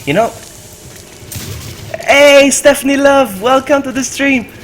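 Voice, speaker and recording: A man streaming a co-op game, chatting excitedly with his partner and repeating himself as he reacts. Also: very high voice, slow pace, a little hiss or hum. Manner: excitable, yelps and laughs often, repeats himself. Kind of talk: excited gaming commentary.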